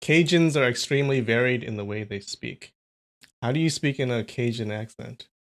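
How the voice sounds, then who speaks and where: A man's voice: medium pitch, normal speed, vocal fry, fairly bright tone. Chatty man hosting a live stream. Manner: chatty, amused, talks to chat. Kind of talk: casual live-stream chat.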